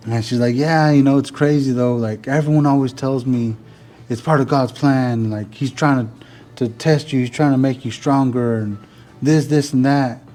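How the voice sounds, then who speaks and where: A man's voice: mid-range voice, moderate pace, faint music behind. A man, telling a rambling story to his vlog audience in a casual way, full of "like" and "you know". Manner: rambling, filler-heavy, animated when retelling. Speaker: vlogger.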